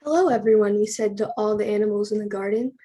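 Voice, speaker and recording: A woman reading a children's storybook aloud at a church service, earnest and measured. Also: mid-range voice, completely flat delivery, warm tone.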